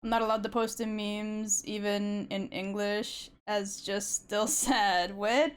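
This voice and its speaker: A woman streamer in relaxed chat while she draws live, swearing often and laughing easily. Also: medium pitch, slow, clean tone. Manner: calls herself loud.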